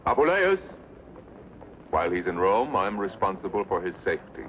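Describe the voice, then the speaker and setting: An actor playing a scheming, ambitious Roman prince and prefect in a 1960s film dub, speaking suavely and giving cold orders. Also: male voice, sits low, steady tone, fast talker. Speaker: prefect of the Praetorium. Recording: dull old film sound with hiss.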